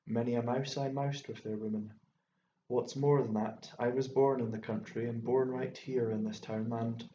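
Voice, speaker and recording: A man's voice: medium pitch, fairly even intonation, normal speed, mellow, close to an everyday voice. A man voicing an argumentative, stubborn young man who taunts and defends himself, in an audiobook reading. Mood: defensive. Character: stubborn young Irishman, quick to argue. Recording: echoey room, dull lo-fi sound, faint hiss.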